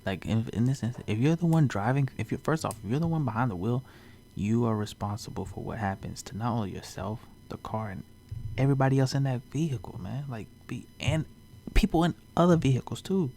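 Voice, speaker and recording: A man's voice: medium pitch, fairly quick, a little mellow, a little hiss or hum. A man talking casually as a reaction video host, loose and chatty with lots of fillers. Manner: loose and chatty, full of "like" and "you know what I'm saying".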